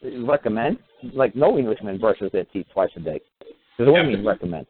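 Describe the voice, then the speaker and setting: A man's voice: lowish voice, fast talker, breathy edge. A man hosting a talk show, telling a long story in a casual way and acting out the voices of the people in it. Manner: animated, acts out quoted voices. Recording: tinny phone line audio.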